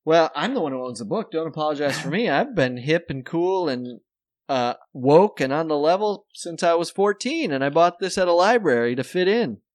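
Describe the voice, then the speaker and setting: A man's voice: fairly high pitch, expressive, normal speed. A man co-hosting a podcast in casual chat, joking and rambling, often breaking into laughter. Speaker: podcast co-host.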